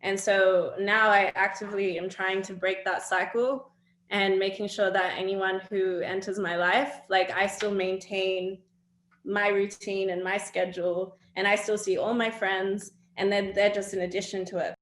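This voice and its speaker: A young woman talks candidly as an interview guest, earnest and reflective, now and then laughing between thoughts. Her voice sits at a middling pitch. The room around her rings with noticeable echo. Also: steady tone, unhurried, a bit bright, a little hiss or hum. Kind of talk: candid personal talk.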